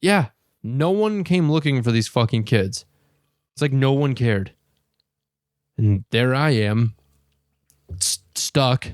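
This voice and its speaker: A man's voice: medium pitch, animated, slow pace, long pauses, clean tone, dry recording, studio quality. A man co-hosting a podcast, telling a long crude story casually and laughing often. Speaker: podcast co-host.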